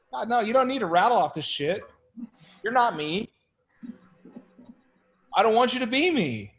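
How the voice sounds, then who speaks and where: A man coaching a room of agents, animated and coaxing, calling out to the group. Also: high-pitched, moderate pace, long pauses. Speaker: sales trainer. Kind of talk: energetic group coaching session.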